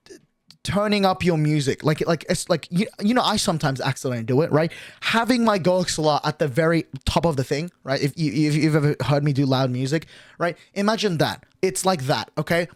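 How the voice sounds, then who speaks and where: Man streaming, rambling storyteller, swears a lot, lively swooping pitch, dry close sound. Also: fairly quick, no room sound. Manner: rambling, filler-heavy, swears freely.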